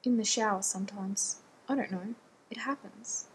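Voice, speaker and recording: A woman's voice: fairly even intonation, normal speed, a little hiss or hum, close to an everyday voice. A woman reading a story aloud, voicing a terse, guarded man who answers shortly and dismissively. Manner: curt, low-key, disdainful.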